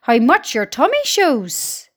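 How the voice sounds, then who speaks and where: Screechy mean skinny old auntie, woman doing the voice, snappy and high. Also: sing-song, slow pace, exaggerated voice. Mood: mocking. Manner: shrill and snapping. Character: screechy, spiteful thin old aunt.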